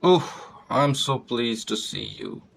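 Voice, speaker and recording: A man voicing a kind older grandmother in a storybook reading, speaking warmly and with relief. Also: medium pitch, expressive, slow pace, gravelly, slight background noise, exaggerated voice, rough recording. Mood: relieved. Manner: gushing, relieved.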